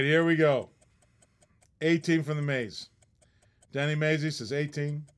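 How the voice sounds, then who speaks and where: A man's voice: a little high, clean tone. Chatty man hosting a live auction. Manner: chatty, laughs often, teasing the bidders. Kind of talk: casual live-stream auction chat.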